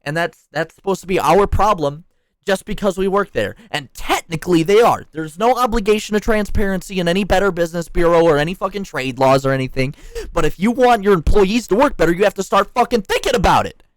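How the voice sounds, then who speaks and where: A man's voice: high voice, a little fast, no echo. A young man worker ranting heatedly about management, swearing often and turning sarcastic. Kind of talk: angry ranting monologue.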